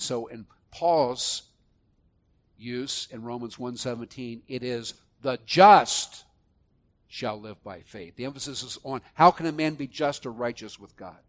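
A man preaching a sermon, moving between soft, low reflection and loud, emphatic passages. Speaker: pastor.

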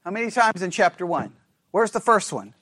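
Male Bible study leader, strikingly high voice, quizzes the class and drums points home by repetition. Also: big pitch swings, fairly quick, pushed and bright. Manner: asks the group questions, repeats phrases for emphasis. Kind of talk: interactive Bible study lesson.

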